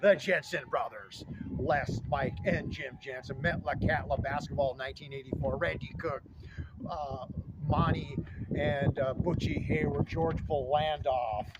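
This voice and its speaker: A man's voice: on the high side, steady tone, unhurried, dull audio. A man in his fifties from Southeast Alaska, hosting a casual, nostalgic vlog and listing old names with rambling enthusiasm. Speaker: vlog host. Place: outdoors in front of a fieldhouse. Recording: loud outdoor traffic noise. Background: loud street and traffic noise.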